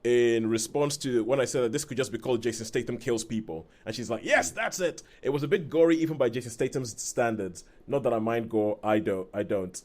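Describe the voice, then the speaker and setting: A man co-hosting a film podcast, chatting casually with rambling restarts and quick laughs. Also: mid-range voice, mellow. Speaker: podcast co-host. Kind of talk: casual film review chat.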